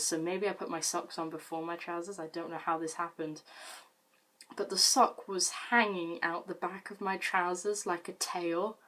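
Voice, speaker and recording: A woman's voice: fairly low pitch, a bit bright. A girl, casually telling funny stories about herself to camera, chatty and self-mocking, swearing freely. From Britain. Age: late teens. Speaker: vlogger.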